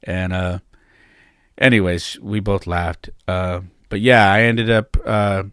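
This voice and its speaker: Low-voiced man telling a heartfelt story. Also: fairly even intonation, slow, fairly bright tone, clear, resonant tone, no echo, clean studio sound. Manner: heartfelt, candid, reflective. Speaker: podcast host. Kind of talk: personal storytelling.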